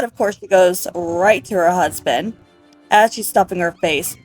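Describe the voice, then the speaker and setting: A woman giving casual, excitable commentary over a life-sim game, gushing and giggly. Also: lowish voice, a little slow, faint music behind, low-quality recording. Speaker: gaming creator.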